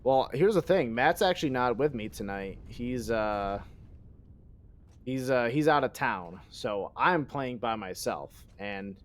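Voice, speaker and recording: A man's voice: medium pitch, animated, slow. A man streaming a game live, rambling and joking in casual chat and swearing freely.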